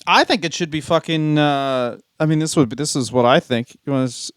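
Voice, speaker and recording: A man co-hosting a comedy podcast, talking in loose, profane banter and breaking into laughter often. His voice is smooth and resonant, sitting slightly high, and the sound is close and dry. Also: a little fast, no echo. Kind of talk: casual comedic chat.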